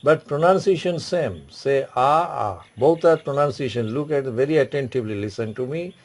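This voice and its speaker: A man's voice: medium pitch, brisk, darkish tone. Man teaching a French class. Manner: repetitive, instructive, frequent "okay" and "say". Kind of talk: classroom language lesson.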